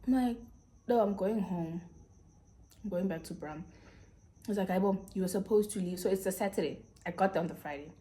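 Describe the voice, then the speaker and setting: A South African woman in her twenties, telling a storytime vlog in a mid-pitched voice. She acts out both sides of the exchange and sinks to a quiet murmur when it turns serious. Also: fairly quick, long pauses. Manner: animated storytelling, acting out both sides of conversations. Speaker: YouTuber.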